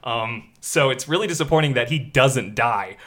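A man's voice: medium pitch, animated, normal speed, a bit bright. A man hosting a podcast, recapping a horror film in loose, joking chat with many fillers. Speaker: podcast host. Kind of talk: casual film review chat.

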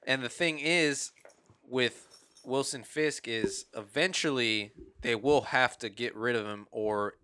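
A man with a bright, sharp-edged voice, talking in a rambling, profane way and restarting his sentences often during a casual chat. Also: mid-range voice, slow, clean tone.

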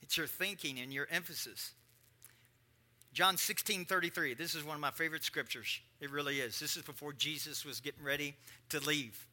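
A man's voice: fairly high pitch, normal speed, sharp tone. A middle-aged man preaching a sermon as pastor, emphatic, with joking asides to the congregation.

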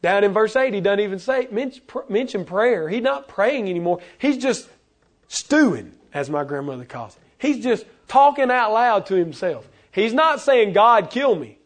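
Man, pastor, sermon, high voice, animated, acts out quotes. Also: moderate pace.

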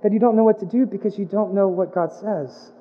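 Preaching fairly quickly in a high-pitched voice, a pastor hammers home repeated phrases and breaks into playful asides and comic voices. The recording has a dull, lo-fi quality.

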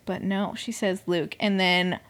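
A young woman hosting a casual recap podcast, chatty and expressive, swearing freely, slipping into whispers and mock outrage. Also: lowish voice, measured pace. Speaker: podcast host. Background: air conditioner noise.

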